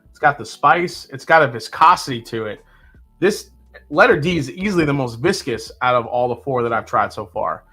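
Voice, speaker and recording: A man's voice: medium pitch, normal speed, breathy edge, soft background music. Chatty man hosting a whiskey tasting. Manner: relaxed, chatty, with fillers and sips. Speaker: whiskey livestream host. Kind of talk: casual live tasting chat, reading chat comments.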